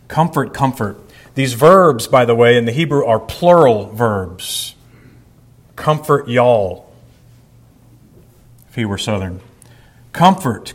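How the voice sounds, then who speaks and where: A man preaching a sermon in a middle-pitched voice. He reads scripture at a steady pace, then explains the text verse by verse and presses his points with emphasis. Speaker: pastor.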